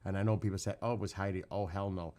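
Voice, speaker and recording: Middle-aged male stream host, lowish voice, profane and easygoing. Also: fairly even intonation, very fast, mellow. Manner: loose, profane storytelling. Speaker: livestream host. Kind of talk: casual livestream chat.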